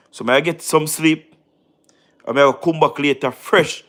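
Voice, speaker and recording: Tired jamaican guy on a live stream, kinda high voice, patois mixed in, says everything twice. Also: moderate pace, fairly bright tone. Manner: repeats phrases, mixes in patois, talks to chatters by name. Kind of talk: casual live-stream chat.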